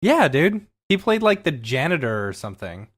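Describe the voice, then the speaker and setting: A man's voice: a little high, normal speed, slightly rough. A man co-hosting a podcast, chatting casually and with energy, saying "dude". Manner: casual and animated, says "dude". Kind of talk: casual chat.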